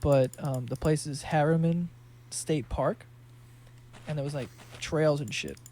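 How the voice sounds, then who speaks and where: Young man, from New York City, casual chat, laughs a lot, swears freely, pitch jumps up when excited, faint keyboard typing behind. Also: measured pace, a little hiss or hum. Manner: profane, laughing, animated storytelling. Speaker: gaming streamer. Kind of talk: casual chat while playing a game.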